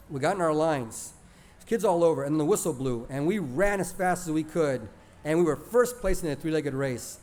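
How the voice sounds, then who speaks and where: Man telling a lively childhood story. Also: a little high. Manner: lively, plainspoken, conversational retelling. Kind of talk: first-person story narration.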